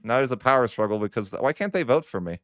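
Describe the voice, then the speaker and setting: A man's voice: medium pitch, sing-song, quick pace, a bit bright. A young man commentating his own strategy game session, exasperated and whiny with a sarcastic streak. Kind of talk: frustrated gameplay commentary.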